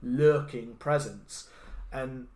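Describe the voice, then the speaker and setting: A man's voice: mid-range voice, fairly even intonation, very slow, darkish tone, echoey room. Guy on a horror podcast rambling about a movie, keeps restarting his sentences, laughs a lot. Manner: rambling, self-interrupting, laughs often. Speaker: podcast co-host. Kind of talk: casual film review chat.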